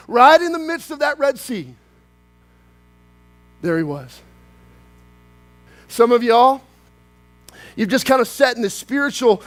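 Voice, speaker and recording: A pastor preaches a sermon, swinging between loud, animated outbursts and quiet, hushed lines. His voice is very high-pitched, with no room sound.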